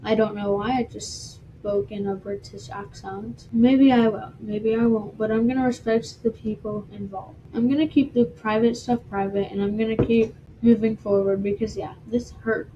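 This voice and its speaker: A woman's voice: mid-range voice, steady tone, normal speed, muffled recording, background noise. A woman hosting her own podcast, talking through a personal story in a heartfelt, self-described dramatic way. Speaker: podcast host. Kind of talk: solo podcast monologue.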